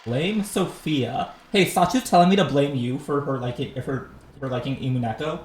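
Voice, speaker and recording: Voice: mid-range voice, moderate pace, a little hiss or hum. Streamer in an echoey room. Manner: reads out chat comments, jokey. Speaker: voice actor on a game stream. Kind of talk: casual chat.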